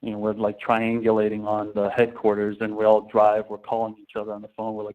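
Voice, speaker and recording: A man as a sales trainer, telling anecdotes in a casual, animated way. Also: fairly low pitch, fairly quick, few pauses. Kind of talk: storytelling talk. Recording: tinny phone-like sound.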